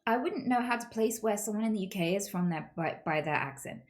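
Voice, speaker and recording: A woman streaming, chatting casually with viewers in an animated, chatty way and swearing freely. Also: mid-range voice, fairly quick. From United Kingdom.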